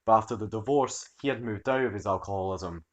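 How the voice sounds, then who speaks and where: A man narrating online stories in an animated, expressive storytelling manner. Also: lowish voice, quick pace.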